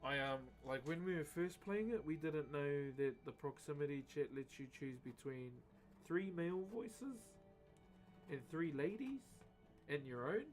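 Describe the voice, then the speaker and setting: A laid-back man talks easily to his stream chat, dropping "eh?" and "bro" as he goes. His voice sits a little on the high side for a man. Clear music runs under everything he says. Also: measured pace. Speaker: livestreamer. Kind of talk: casual live-stream chat with viewers. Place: home streaming setup while wood carving. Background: music playing.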